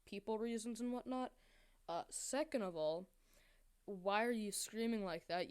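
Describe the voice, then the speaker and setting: Mocking woman host with a smooth voice. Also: medium pitch. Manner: mocking, exasperated, rambling with fillers. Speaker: commentary video host. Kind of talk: sarcastic reaction commentary.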